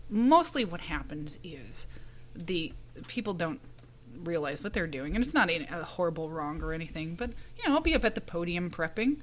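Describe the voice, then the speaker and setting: A woman on a casual panel chat, telling stories with animated delivery, acting out what people said and laughing often. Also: lowish voice, slight background noise. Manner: animated storyteller, acts out quoted lines, laughs often. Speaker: podcast panelist and conference speaker.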